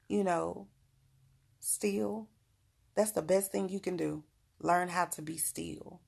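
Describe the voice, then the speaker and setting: Frank, motherly middle-aged woman hosting a casual advice livestream; low, heavily gravelly voice. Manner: frank, motherly, laughing often. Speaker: spiritual advice host.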